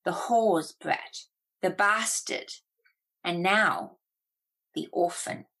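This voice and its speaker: A woman's voice: lowish voice, extremely slow, fairly bright tone, full character voice, poor audio. A woman doing a bitter young orphan girl. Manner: curt, cold answers.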